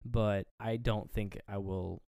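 A man's voice: lowish voice, fairly even intonation, takes it slowly, gravelly, darkish tone, dry recording, studio quality. A man co-hosting a casual movie review chat, rambling and swearing as he acts out scenes. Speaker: podcast co-host.

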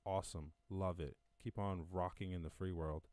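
A man with an Irish accent hosts an easygoing podcast live-stream from his lockdown home, reading and riffing on news, swearing freely, and cracking himself up. His voice sits low with a steady, darkish tone at a moderate pace, and there's no echo.

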